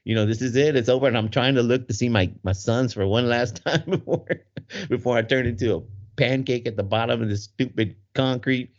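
A man's voice: mid-range voice, a little fast. A middle-aged man hosting a podcast, animatedly telling a story and laughing as he goes. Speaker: podcast co-host. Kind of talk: casual storytelling. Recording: muffled lo-fi recording.

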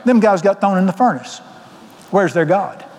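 Southern preacher guy telling a story, folksy and punchy, pretty high pitched, lots of hall echo. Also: lively intonation, moderate pace, darkish tone. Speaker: pastor. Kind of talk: sermon. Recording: long reverb of a large hall.

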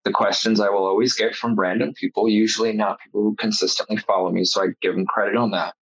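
Husky, low-voiced man rambling casually. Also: fairly even intonation, fast talker, no room sound, lo-fi sound. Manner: rambling, profane, sarcastic. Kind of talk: casual chat.

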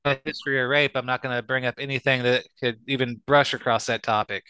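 A man's voice: medium pitch, fairly even intonation, fast talker, pushed and bright, smooth, dry recording. A man chatting as a podcast guest, joking, swearing and acting out the banter he tells. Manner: joking, swears often, acts out quoted banter. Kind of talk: casual chat.

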